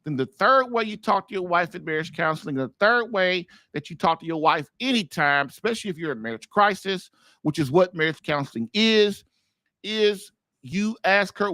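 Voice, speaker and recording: On his advice podcast, a marriage coach speaks casually and forcefully, using rhetorical questions to hammer his message home. His voice sits high and sounds sharp, with lively intonation at a moderate pace and no echo.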